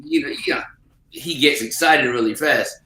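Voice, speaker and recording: A man's voice: medium pitch, moderate pace, a little hiss or hum. A man casually telling a funny story as a podcast host, chuckling often as he goes. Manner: animated anecdote teller who chuckles often. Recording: roomy echo.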